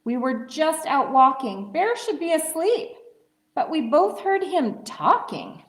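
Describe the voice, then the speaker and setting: A woman voicing a brisk, cheerful hare in a raised, higher voice, in an echoey room. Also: very animated, slight background noise, full character voice.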